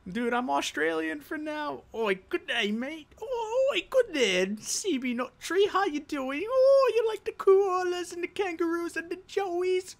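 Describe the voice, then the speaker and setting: A man putting on an over-the-top jokey Australian bloke, a high strained cartoonish voice with mock slang. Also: fairly even intonation, unhurried, creaky, few pauses, a bit bright, heavily acted. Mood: goofy.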